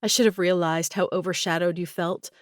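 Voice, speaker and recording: Woman narrator doing a young woman, tearful older sister, soft and slow, a touch higher than the narration. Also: fairly even intonation, dry recording, studio quality, natural voice. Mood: pleading, tearful.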